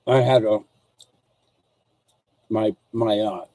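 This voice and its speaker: A man's voice: fairly low pitch, steady tone, takes it slowly, noisy background. A man telling a rambling story and chatting with viewers on a casual livestream, full of restarts and asides. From United States. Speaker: vlogger.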